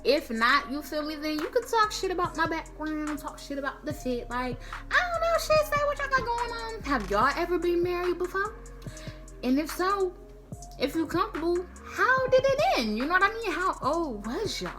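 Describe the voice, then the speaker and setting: A young woman vlogger, telling a slangy, animated storytime. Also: very high voice, normal speed, over loud music. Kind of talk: storytime vlog.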